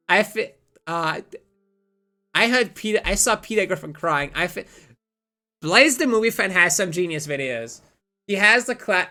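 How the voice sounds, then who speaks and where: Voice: medium pitch, bright, forceful tone. Rambling, profane live streamer. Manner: rambling, profane, self-interrupting. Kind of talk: casual live-stream chat.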